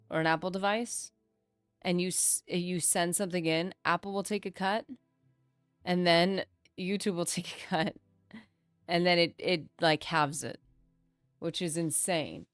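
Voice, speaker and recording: Chatty woman streamer with a low-set voice. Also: measured pace, smooth, no echo, soft background music. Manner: chatty, rambling, self-deprecating, trails off and restarts. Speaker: game streamer. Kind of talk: casual livestream chat while gaming.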